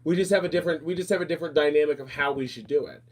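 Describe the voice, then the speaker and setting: Fast-talking flamboyant man. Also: a little high. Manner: fast, flamboyant, repeats phrases, calls people darling. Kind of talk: casual chat.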